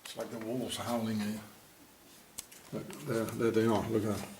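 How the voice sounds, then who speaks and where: A man rambling in a sardonic monologue while feeding cats, often dropping into low muttered asides. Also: flat delivery, moderate pace, darkish tone, slight background noise. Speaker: vlogger.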